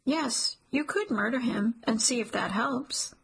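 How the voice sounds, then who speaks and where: A woman narrator doing a calm, wry male coworker who keeps an even tone. His advice comes with dry humor. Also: a little high, unhurried, gravelly, husky, exaggerated voice, poor audio. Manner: dry, even-toned joking.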